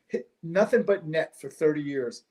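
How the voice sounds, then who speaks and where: A man in a casual chat, co-hosting, trading jokes and stories that land on quick punchlines. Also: on the high side, lively intonation, darkish tone, slight background noise. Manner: joke-telling with quick punchlines.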